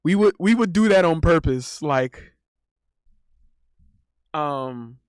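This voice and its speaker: A man's voice: a little high, expressive, slow pace, clear, resonant tone, no room sound, clean studio sound. Rambling young man telling a story. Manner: rambling, restarts often, laughs at own story. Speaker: streamer. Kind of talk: casual storytelling banter.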